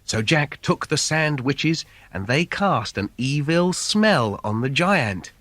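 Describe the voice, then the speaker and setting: A man's voice: a little high, big pitch swings, slow, a bit bright, no room sound. A man reading a comic fairy tale for children in a playful, sing-song storyteller manner. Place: recording studio. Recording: dry studio recording.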